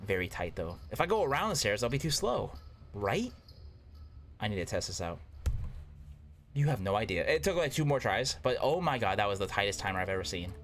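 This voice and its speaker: A man giving casual gameplay commentary, excitable and talking to himself, yelping at close calls. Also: fairly low pitch, slight background noise. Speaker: gaming YouTuber.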